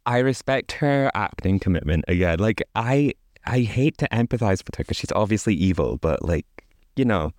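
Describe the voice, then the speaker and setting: Low-voiced man reading a fairy tale wryly. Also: lively intonation, moderate pace, a little mellow, dry recording, studio quality. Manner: wry, chuckling, chatty asides. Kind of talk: casual storytelling with joking asides.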